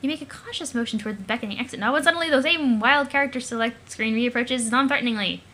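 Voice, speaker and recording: A young woman reading a webcomic aloud, excitable and giggly, swearing casually between lines. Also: fairly high pitch, quick pace. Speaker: let's play narrator.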